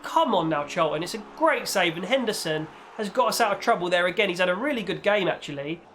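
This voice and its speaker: A young man commentating on his own football video game match, chatty with viewers and bursting into shouts when his team scores. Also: fast, faint music behind. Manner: excitable, shouts and leaps in pitch on goals; chatty, talks to viewers as "guys" and "boys". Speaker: gaming YouTuber.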